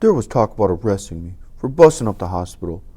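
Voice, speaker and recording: A reader giving an animated, emphatic first-person narration of a novel. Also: low-pitched, fast. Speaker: audiobook reader.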